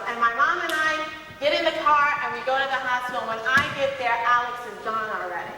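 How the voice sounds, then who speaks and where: A woman giving an animated motivational talk to students in a school hall, telling a personal story directly to the audience. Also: high voice, fairly quick, noisy background. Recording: echoey hall, voice from far off.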